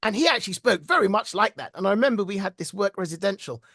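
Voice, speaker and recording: A middle-aged British man, a voice actor, telling stories in a casual interview with animated, self-deprecating warmth and frequent laughs. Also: high-pitched, fast, no room sound, clean studio sound. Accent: British English. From Britain. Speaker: voice actor guest.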